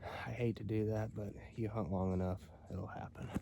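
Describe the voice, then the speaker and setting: A man filming on his phone outdoors in the woods, out of breath, talking in a hushed, awed way with soft exclamations. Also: on the low side, fairly even intonation, normal speed, a little hiss or hum. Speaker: bow hunter filming his hunt. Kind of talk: casual outdoor vlog talk. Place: outdoors in wooded logging country.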